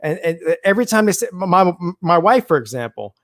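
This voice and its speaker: A man co-hosting a casual sports talk show, animated and emphatic, often restarting his sentences. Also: sits high, fairly quick, no echo. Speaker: show co-host.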